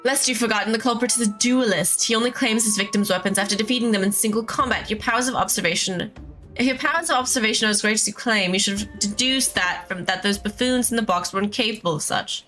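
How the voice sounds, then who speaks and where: A woman voicing a pompous, long-winded male gentleman inspector in a video game. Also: mid-range voice, fast, soft background music, natural voice, low-quality recording.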